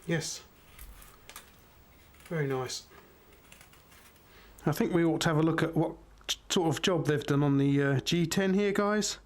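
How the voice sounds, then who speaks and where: A man's voice: on the high side, measured pace, pauses often. A middle-aged man, chatting unhurriedly to viewers as he reviews a knife. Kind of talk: casual product review.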